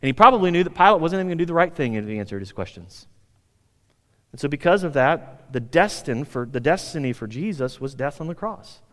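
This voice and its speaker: A male American pastor delivers a sermon in a loose, conversational way, punching key words and dropping into the voices of the people he describes. His voice sits a little high for a man, and it rings out with a long reverb that fills the hall. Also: very animated, brisk. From United States. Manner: conversational, emphatic, acts out quoted speakers.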